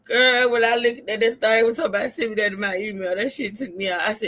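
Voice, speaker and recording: A woman hosting a casual livestream, telling stories loudly, laughing and swearing. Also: a little high, fast, hardly any pauses. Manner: loud, laughing, profane, animated storytelling. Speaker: streamer host.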